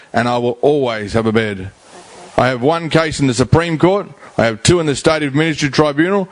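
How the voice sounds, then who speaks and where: Speaking at a community forum, the middle-aged founder of a rehab house talks in an Australian accent with blunt emphasis, using plain slang and deliberate repetition. His voice is mid-range, and there's no echo.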